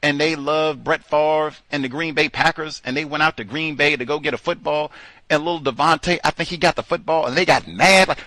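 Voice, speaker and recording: A male host giving an animated, mocking commentary monologue, slipping into put-on voices. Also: a little high, a little fast, dry recording.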